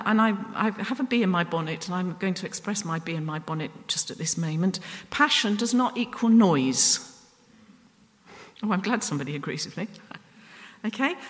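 A woman preaching a sermon up at the front, earnest and self-deprecating, with pauses and restarts. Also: mid-range voice. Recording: long reverb from a hall.

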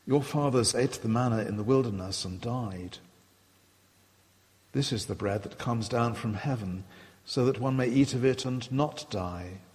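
Preacher, male, unhurried, reflective sermon voice with long church reverb. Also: medium pitch. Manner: measured, reflective, quoting scripture aloud. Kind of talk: sermon retelling scripture.

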